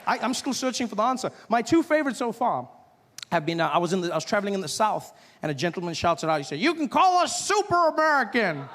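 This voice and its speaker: High-voiced man doing stand-up comedy. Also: quick pace, slight background noise. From South Africa. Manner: animated, acts out characters in high excited voices.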